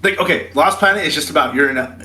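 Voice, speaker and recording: A young man co-hosting a podcast, chatting excitedly and swearing freely. His voice is bright and forceful, and it sounds out in an echoey room. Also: fairly high pitch, quick pace, slight background noise. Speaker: podcast co-host. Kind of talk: casual chat.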